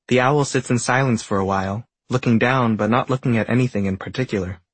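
A man narrating a whimsical story in a gentle, deadpan storybook manner, with a husky voice. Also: mid-range voice, fast, hardly any pauses, no echo. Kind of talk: scripted narration.

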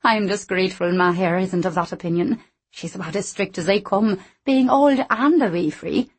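A woman voicing a brisk, stern middle-aged housekeeper, speaking with raised, emphatic delivery in a storybook reading. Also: medium pitch, breathy edge. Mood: chatty.

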